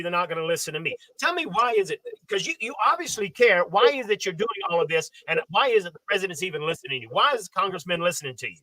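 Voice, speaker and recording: A man's voice: pushed and bright, no room sound, rough recording. A man co-hosting a podcast, talking persuasively with many fillers. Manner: persuasive, pitching, lots of fillers. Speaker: podcast co-host. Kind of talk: casual podcast talk.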